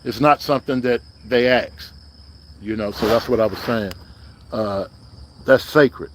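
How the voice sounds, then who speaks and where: Man, livestream host, middle-pitched voice, rambling casual talk with chanted refrains, faint crickets behind. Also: unhurried, slight background noise. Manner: loose, rambling street talk that turns into a repeated chant.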